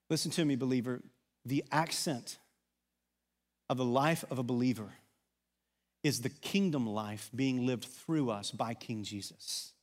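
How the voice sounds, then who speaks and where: A man from Arkansas with a Southern accent, preaching a sermon in a conversational style that swings between loud emphasis and quiet asides. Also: high-pitched. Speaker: pastor. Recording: long reverb of a large hall.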